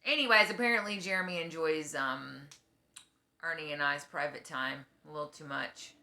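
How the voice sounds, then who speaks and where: A woman's voice: sits low, normal speed, sharp tone. A woman streamer chatting casually at home, swearing freely and oversharing. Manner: profane, oversharing. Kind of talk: casual chat.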